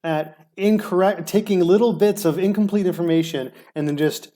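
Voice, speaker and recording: A man co-hosting a podcast, bickering in casual chat, animated and teasing, stumbling over quick restarts. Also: sits high. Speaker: podcast co-host.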